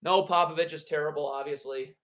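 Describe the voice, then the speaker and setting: A man's voice: a little high, fairly even intonation, fairly quick, fairly bright tone. A man hosting a live basketball draft reaction stream, blunt and sarcastic as he rants. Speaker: basketball livestream host.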